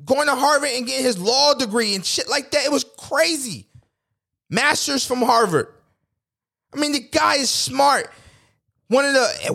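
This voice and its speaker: A man's voice: extremely high pitch, vocal fry, fairly bright tone, slightly rough. A man, hosting a podcast in a blunt, profane, rambling rant. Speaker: podcast host. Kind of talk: casual political rant.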